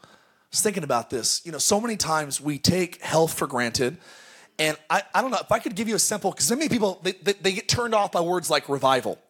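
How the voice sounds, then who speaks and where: A man preaching in a high, light voice at a church service. He tells his stories in a loose, personal way. He keeps breaking into loud, shouted exclamations. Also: lively intonation, fast, slightly rough. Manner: storytelling, bursts into shouted exclamations. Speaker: pastor. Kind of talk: sermon.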